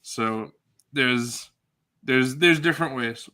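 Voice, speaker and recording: A man's voice: medium pitch, takes it slowly, bright, forceful tone. A man with a New York accent co-hosting a casual livestream chat, rambling and joking. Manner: rambling, jokey. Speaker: co-host.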